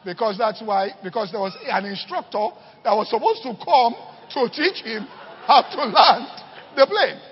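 A man's voice: very high-pitched, normal speed, in a large hall, highs cut off. A male pastor preaching a sermon, telling stories and often checking in with "all right" and "okay".

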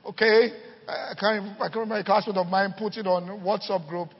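A man's voice: high-pitched, steady tone, quick pace, slightly rough, in a large hall, highs cut off. A male pastor preaching a sermon, telling stories and often checking in with "all right" and "okay".

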